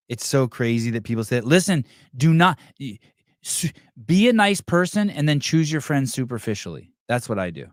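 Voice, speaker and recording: This podcast host, a man with a mid-range voice and big pitch swings, talks at a moderate pace. Studio-quality and free of room sound, the clip captures his crude comedic rant to live chat as he imitates people in whiny voices.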